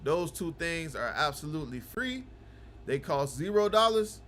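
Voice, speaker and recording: Guy hosting a stream, high sharp voice, teasing the chat, mumbles low then gets loud and ranty. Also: very animated, moderate pace, soft background music. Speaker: livestream host of a game broadcast. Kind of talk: casual livestream chat with viewers.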